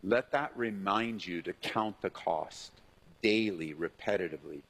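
A middle-aged man, a pastor, preaching a sermon in an animated way, acting out the voices he quotes. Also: low-pitched, a little slow, slightly rough, rough recording.

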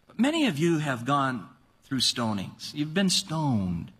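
A male preacher delivering an animated sermon, acting out quoted voices with sudden high-pitched cries. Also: a little slow, breathy edge. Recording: long reverb of a large hall.

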